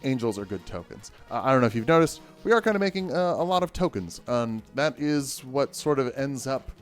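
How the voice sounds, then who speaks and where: A man's voice: medium pitch, a little fast, soft background music. Joking man reviewing a card game deck. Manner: joking, rambling, animated asides. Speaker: deck tech host.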